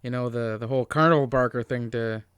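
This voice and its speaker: A man's voice: mid-range voice, steady tone, fast, fairly bright tone, clear, resonant tone, no echo. A man co-hosting a podcast, chatting casually with a dry, teasing manner. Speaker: podcast co-host. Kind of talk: casual chat.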